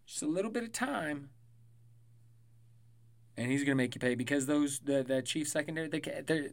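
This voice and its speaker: A man's voice: fairly high pitch, normal speed, long pauses, fairly bright tone. A young adult man hosting a podcast, talking casually and rambling with frequent swearing. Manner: rambling, profane, loose and chatty. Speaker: podcast host. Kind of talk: casual sports prediction podcast.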